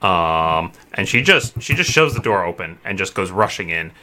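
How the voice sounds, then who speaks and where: Male game master, bright tone, loose rambling narration full of ums. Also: sits low, normal speed, slight background noise. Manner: relaxed, rambling with many fillers.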